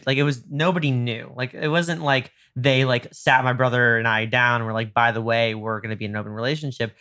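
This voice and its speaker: A man's voice: mid-range voice, clean tone. A male podcast host telling a story in casual chat, acting out quoted lines with lots of fillers. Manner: animated, acts out quotes, many fillers.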